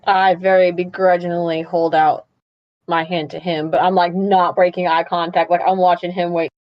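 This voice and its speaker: A woman's voice: on the low side, level tone, moderate pace, dull audio. A woman player in a tabletop game, talking casually and wryly.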